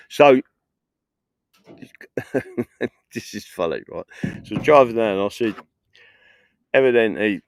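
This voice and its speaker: A man's voice: on the low side, vocal fry, no echo. A middle-aged man live streaming, telling rambling anecdotes in casual chat and laughing often.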